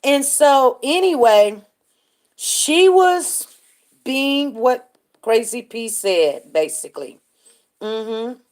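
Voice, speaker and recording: A woman hosts a live stream with a slightly high voice, telling a story in a loose, chatty way. She talks at a very unhurried pace and keeps stopping to greet viewers by name before picking the story back up. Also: animated, darkish tone. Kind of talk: casual storytelling commentary.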